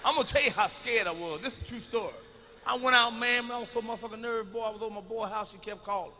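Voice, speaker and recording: A man telling a profane story on stage as a stand-up comedian, loud and animated. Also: sits high, rapid-fire. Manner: loud, animated, swearing freely. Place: comedy stage before an audience. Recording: reverberant live hall recording.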